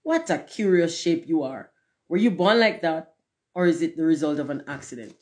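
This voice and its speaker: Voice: mid-range voice, expressive, moderate pace, a little mellow, close to an everyday voice. A reader voicing a peaceable, plain-spoken female duck in a storybook reading, mild and practical.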